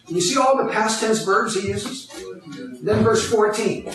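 A man's voice: high-pitched, a little slow, a bit bright, soft background music. A man preaching a teaching sermon, explaining a Bible passage step by step and asking his congregation questions. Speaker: pastor. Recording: echoey hall, mic far off.

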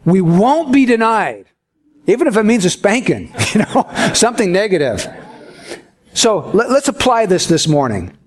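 A pastor preaching a sermon to his congregation, earnest and folksy, telling a homespun story with gentle humor. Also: high voice, sing-song, moderate pace.

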